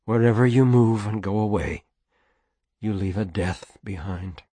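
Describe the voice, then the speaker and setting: A man's voice: on the low side, unhurried, dark tone, breathy edge, no echo. A man voicing an anxious, tender mother in a read story, with a lifted, pleading tone. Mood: somber.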